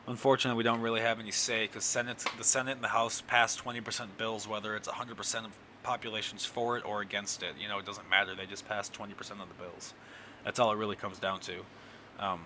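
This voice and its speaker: A man's voice: mid-range voice, pushed and bright, slight background noise. A young man hosting a comedy show at home, talking to camera in a rambling, profane, sarcastic monologue. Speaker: comedian host. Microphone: camera recording.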